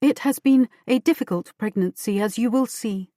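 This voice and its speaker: A woman reading an audiobook voices a harried royal lady-in-waiting who speaks in a hurried, guarded way. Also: fairly high pitch, dark tone, no echo, studio quality, natural voice. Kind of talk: audiobook character voice.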